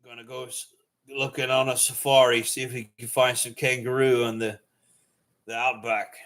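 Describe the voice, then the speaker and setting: A man voicing a brash, rough outback Australian man in a drawling tone. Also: mid-range voice, little pitch movement, normal speed, a bit bright, natural voice.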